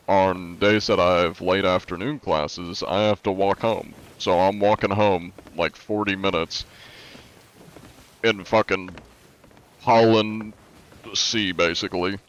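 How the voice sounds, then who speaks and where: A man's voice: low voice, muffled recording. Congested young man chatting on stream. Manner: laid-back, rambling, answers chat between thoughts. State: congested from allergies. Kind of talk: casual live-stream chat.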